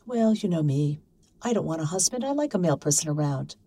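A chatty, outspoken middle-aged woman who talks in a brisk, forthright way, as a woman reading a story puts her on. Her voice is low, dark and husky. It is close and dry. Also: sing-song, dry recording, heavily acted.

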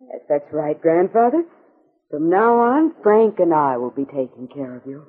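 Nervous young girl, husky, old tinny radio. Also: sits low, expressive, moderate pace. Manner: hesitant, nervous. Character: nervous young impostor granddaughter. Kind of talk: 1950s radio drama acting.

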